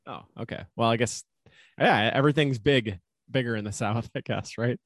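A Minnesotan man co-hosting a podcast from his home, talking in a relaxed, easygoing way and laughing now and then. His voice sits at an ordinary pitch, recorded close and dry. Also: moderate pace, no echo. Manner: laid-back, chuckling often. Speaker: podcast co-host, actuary. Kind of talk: casual chat.

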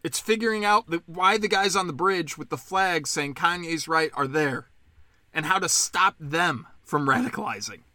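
A man's voice: fairly high pitch, normal speed, pushed and bright, no room sound. Sarcastic, profane man ranting. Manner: sarcastic, profane, mocking impressions. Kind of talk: ranting casual monologue.

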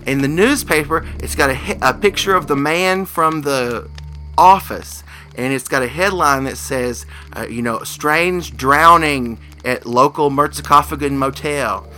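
A man's voice: a little high, normal speed, slight background noise. A man telling a spooky story casually, acting out the characters. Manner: animated, acts out the characters' voices.

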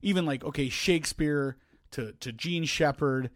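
A man co-hosting a podcast, chatting casually in a rambling, wry way with halting restarts. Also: fairly high pitch, no echo, clean studio sound. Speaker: podcast co-host. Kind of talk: casual chat.

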